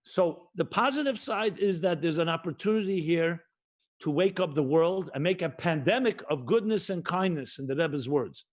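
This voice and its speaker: High-voiced rabbi preaching with emphatic repetition. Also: male voice, lively intonation. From United States. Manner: emphatic, repetitive cadence, mixes Hebrew and Yiddish terms; slows and stretches key phrases. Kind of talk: livestreamed sermon.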